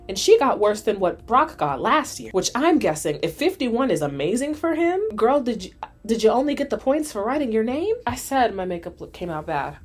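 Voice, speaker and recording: A young woman vlogger chatting through a cartoon recap, sassy and loose, calling her viewers girl and y'all. Her voice sits at a middle pitch and moves quickly between asides. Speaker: vlog host. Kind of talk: casual cartoon recap commentary.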